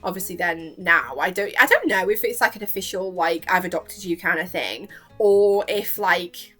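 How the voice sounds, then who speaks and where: A woman casually recapping a cartoon episode in an excited, gushing way, swearing freely and squealing out the characters' lines. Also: lowish voice, moderate pace, faint music behind. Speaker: vlogger reacting to a cartoon.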